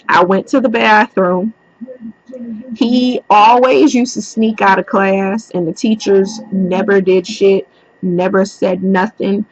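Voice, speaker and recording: A woman's voice: mid-range voice, no echo. A young woman casually telling a personal story in a blunt way, swearing freely. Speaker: vlogger. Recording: dull, dry lo-fi recording.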